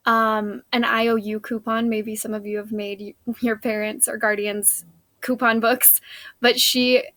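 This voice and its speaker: A woman's voice: fairly high pitch, fairly bright tone, no echo. A woman teacher, recapping a play scene for her students in a casual, chatty way with many fillers.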